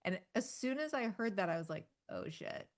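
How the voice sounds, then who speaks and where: A woman's voice: mid-range voice, big pitch swings, fairly quick. A woman hosting a podcast, chatting casually in a playful, self-mocking way with laughter. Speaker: podcast host. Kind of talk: casual chat.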